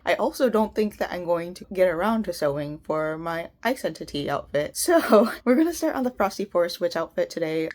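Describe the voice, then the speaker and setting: A woman's voice: on the low side, a little mellow. A young woman with a light Southern accent, rambling and laughing in a casual sewing vlog. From American South. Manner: bubbly, rambling, giggly. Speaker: sewing vlogger.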